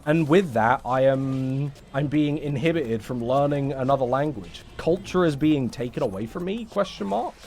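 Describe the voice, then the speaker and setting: A man's voice: mid-range voice, animated, moderate pace, hardly any pauses, a little mellow. A young English man on a casual livestream, rambling in a sarcastic, sweary way. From England. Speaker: streamer.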